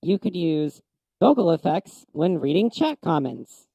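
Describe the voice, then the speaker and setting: A man talking through a pitch-shift effect that makes him sound very different, thinking aloud with amusement. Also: very animated, unhurried, vocal fry, dry recording, lo-fi sound, full character voice. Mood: amused. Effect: high pitch-shift voice filter.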